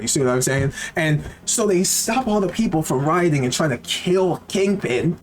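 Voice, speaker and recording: A man giving casual gaming commentary, animated and profane, often repeating rhetorical questions. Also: on the high side. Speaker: gaming YouTuber.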